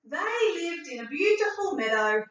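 A woman teacher reading a story aloud and leading a writing lesson for young children, clear and expressive. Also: very high voice, a little slow. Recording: echoey room from far off, dull.

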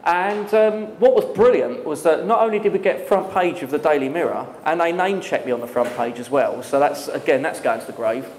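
Animated man telling a story in an echoey hall. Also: fairly high pitch, a little fast, hardly any pauses, slight background noise. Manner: animated, laughing, lively storyteller with many fillers. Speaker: guest speaker. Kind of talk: storytelling at a live talk. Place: talk venue with audience. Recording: echoey hall with long reverb.

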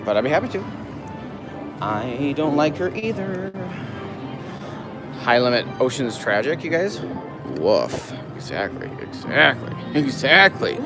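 A man live-streaming slot play from a casino floor, cursing and shouting at the machine while he reads out viewer messages. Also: medium pitch, unhurried, pauses often, over music. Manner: excitable, profane, yells at the machine. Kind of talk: casual live-stream chat.

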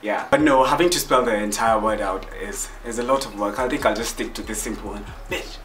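A man's voice: fairly low pitch, a little fast, fairly bright tone. Man, casual reaction vlog, joking, swears, distant mic, echoey, music in the background. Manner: joking, self-deprecating, swears often. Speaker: reaction video host.

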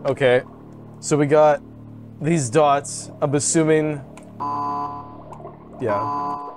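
A man's voice: a little high, fairly even intonation, drawn-out words. A man streaming a puzzle game, thinking aloud, muttering and counting under his breath and often trailing off. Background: game music.

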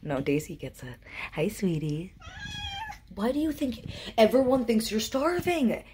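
A young woman films her cats at home on a phone, chatting to them in playful, sing-song baby talk. Her mid-range voice swings widely in pitch at a measured pace, with background noise audible.

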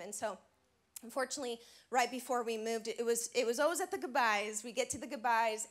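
Bubbly woman sharing her testimony. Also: fairly high pitch. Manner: bubbly, chatty, practical storytelling. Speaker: women's conference speaker. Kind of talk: personal testimony sermon. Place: church stage before a live audience.

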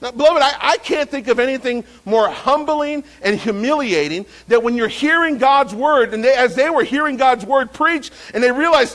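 A man preaching a sermon as pastor, lively and repetitive, with frequent restarts. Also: very high voice, normal speed, hardly any pauses, low-quality recording.

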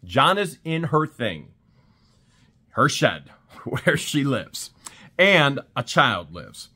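A man's voice: mid-range voice, very animated, extremely slow, bright, forceful tone, husky. A man recapping events in a casual vlog, telling the story animatedly with laughs and exclamations. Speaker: channel host.

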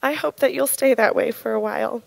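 A woman in her thirties giving an earnest, halting personal testimony at church, her voice shaken with emotion. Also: sits high, gravelly, a little mellow, dry recording, low-quality recording. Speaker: church speaker sharing testimony.

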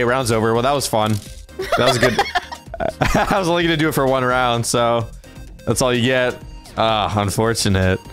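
A man livestreaming a video game, chatting casually and reacting out loud as he plays. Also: medium pitch, clean tone. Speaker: gaming streamer. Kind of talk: casual live gameplay commentary.

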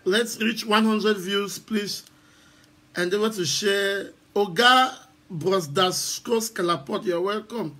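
A man's voice: high-pitched, slow, bright, forceful tone. Cameroonian man mixing English and Pidgin. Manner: hesitant, repeats words, switches between English and Pidgin. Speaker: activist guest on a livestream. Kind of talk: casual livestream talk.

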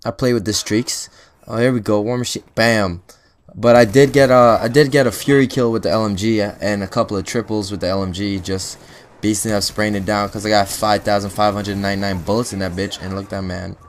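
A man's voice: fairly low pitch, steady tone, brisk, slight background noise. A young man giving casual gameplay commentary for his channel, boastful and full of profane trash talk. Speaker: gaming channel host.

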